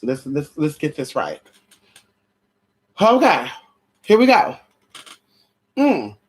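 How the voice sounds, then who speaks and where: A tired, sweaty vlogger preaching a profane, sermon-style rant to viewers, calling them honey and girl, stammering restarts, shouting ow, and reading scripture slowly and dramatically. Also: mid-range voice, huge pitch swings, slightly rough. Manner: sassy, calls listeners honey and girl.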